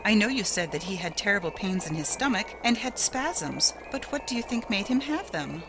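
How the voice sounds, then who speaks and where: A woman reading aloud and voicing a placid, composed middle-aged widow who speaks calmly and plainly in an audiobook. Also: mid-range voice, moderate pace, over music, pitched above the performer's own voice. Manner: calm, plain, even speech.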